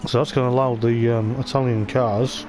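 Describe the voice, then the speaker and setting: Over clear engine noise from a racing game, a man offers rambling, chatty live commentary on an online league race. His voice sits at medium pitch, delivered flatly at a moderate pace.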